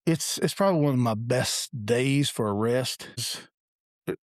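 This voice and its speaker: A man's voice: mid-range voice, measured pace, no room sound, clean studio sound. A man in his forties, a police officer co-hosting a podcast, telling blunt, profane stories in casual chat.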